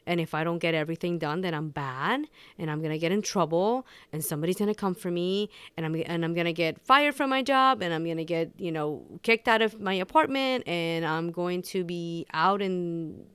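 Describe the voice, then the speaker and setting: A woman's voice: on the low side, moderate pace, hardly any pauses, a bit bright, clean tone, dry recording. A woman hosting a personal podcast, talking unscripted and candidly, rambling with many restarts. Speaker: podcast host.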